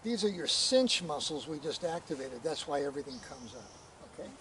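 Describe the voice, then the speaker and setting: A man coaching a student through riding posture stretches with calm, step-by-step directions. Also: fairly high pitch, a little fast. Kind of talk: instructional coaching. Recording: distant mic, noisy outdoor background.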